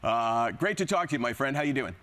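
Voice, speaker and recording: A man's voice: medium pitch, expressive, a little fast, a bit bright. A man hosting a talk show, asking direct, wry questions in a casual interview.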